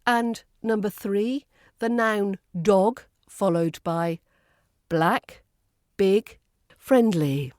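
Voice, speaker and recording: A woman's voice: mid-range voice, a little mellow, no echo, studio quality. A woman with a Southern English RP accent, teaching a podcast lesson and modelling example phrases carefully. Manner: clear, deliberate demonstrations. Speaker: accent coach.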